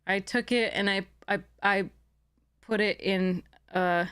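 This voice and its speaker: A woman's voice: medium pitch, steady tone, takes it slowly, a bit bright, clear, resonant tone. A woman streamer chatting casually to her live audience, rambling with many fillers and restarts. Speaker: game streamer.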